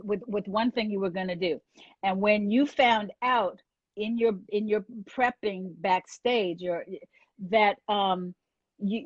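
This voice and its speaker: A woman hosting a casual interview, nudging her guest along and echoing her phrases back. Her voice is husky. The sound is dry and a little dull, like a video call. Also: medium pitch, a little mellow. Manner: prompting, repeating phrases back. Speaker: host.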